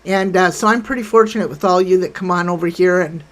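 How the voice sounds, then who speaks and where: A woman's voice: fairly low pitch, quick pace, low-quality recording. Older lady livestream host, mouthy and blunt, talks straight to chat. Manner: blunt, brash and chatty, reading viewer comments.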